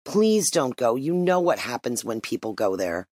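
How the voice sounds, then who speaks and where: A woman's voice: rumbling low, very animated, moderate pace, dry recording, clean studio sound, exaggerated voice. A storybook narrator voicing a desperate mother who pleads with her son and turns sharply on the police chief. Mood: pleading. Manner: pleading, then sharp and accusing.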